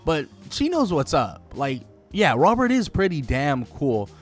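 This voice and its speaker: A man giving casual video commentary on a game, rambling and enthusiastic, full of "like" and quick self-corrections. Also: a little high, very animated, faint music behind. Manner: rambling and enthusiastic, heavy use of "like", corrects himself. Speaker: gaming video creator.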